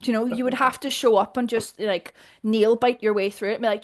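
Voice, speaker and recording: A Northern Irish woman, a guest in a casual conversation, talking in a direct, animated way and often laughing. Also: fairly high pitch, quick pace. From Northern Ireland.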